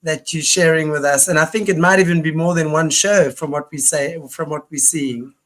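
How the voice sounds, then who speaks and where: A woman's voice: sits low, fairly even intonation, moderate pace. A woman hosting an online talk show, rambling and enthusiastic with many restarts. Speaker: host. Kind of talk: casual online show chat.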